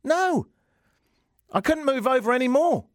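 Animated, jokey radio host. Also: male voice, extremely high pitch, a little slow, dry recording, studio quality. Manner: animated, jokey, acts out stories in raised voices. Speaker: radio talk show host. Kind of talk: casual radio talk. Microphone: studio microphone.

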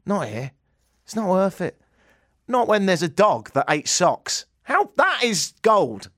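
A man's voice: high-pitched, sing-song, takes it slowly, a bit bright, no room sound, clean studio sound. A man with an English accent hosting a radio show, telling a rambling, self-mocking story in a casual, joking way. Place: radio studio.

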